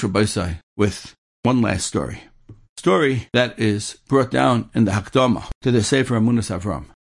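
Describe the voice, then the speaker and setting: A man's voice: on the low side, vocal fry. A man telling an inspirational religious story in an earnest way, repeating points for emphasis.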